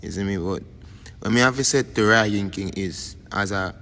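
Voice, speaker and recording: A man's voice: on the low side, normal speed, sharp tone. A man with a Jamaican accent giving rambling casual commentary as a YouTube host, tagging lines with "you see me". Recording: long reverb, faint background noise.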